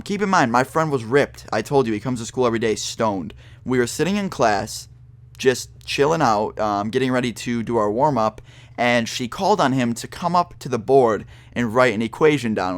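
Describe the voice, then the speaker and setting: A young man at an ordinary middle pitch tells a storytime in a loose, rambling way. He swears freely and stumbles through ums and restarts. The sound is close and dry, with no room around it. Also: dry recording. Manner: rambling, profane, with many fillers and restarts. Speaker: vlogger. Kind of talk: casual storytime monologue.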